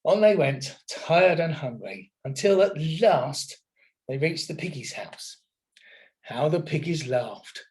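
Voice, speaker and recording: A man, a teacher, reading a picture book aloud to children in an expressive storytelling manner. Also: a little high, takes it slowly.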